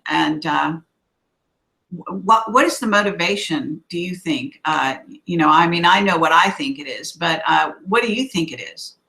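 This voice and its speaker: Low-voiced woman hosting with many fillers. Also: sharp tone, rough recording. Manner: halting, many fillers and restarts. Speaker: host. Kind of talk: online live-stream interview.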